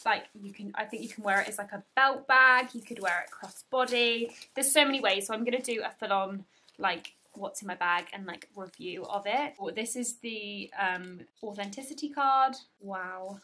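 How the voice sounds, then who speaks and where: A woman from the north of England, gushing and gasping through an excited unboxing in a home vlog. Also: mid-range voice, normal speed. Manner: gushing, gasping, breathy asides. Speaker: vlogger. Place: home room, indoors.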